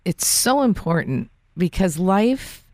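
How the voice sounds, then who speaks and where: A woman's voice: fairly low pitch, very animated, takes it slowly, a little mellow, no echo, clean studio sound. A woman host speaking reflectively in a rambling way. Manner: rambling and reflective, restarts often. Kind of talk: reflective conversation.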